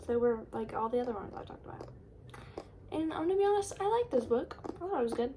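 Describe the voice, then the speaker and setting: A young book vlogger delivers a casual, sarcastic rant about books she dislikes, chatty and packed with fillers. Her high-pitched voice is mellow, with lively intonation and a quick pace. There's a little hiss or hum in the audio.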